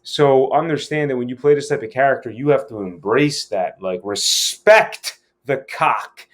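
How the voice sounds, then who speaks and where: A man's voice: medium pitch, normal speed. A man giving a casual scene-breakdown lesson as an acting coach, speaking frankly and with plenty of profanity.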